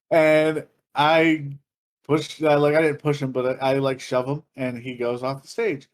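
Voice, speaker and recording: A man's voice: fairly high pitch, fairly even intonation, a little slow. A man on a podcast telling a long story in a casual, profane, laughing way. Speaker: podcast co-host.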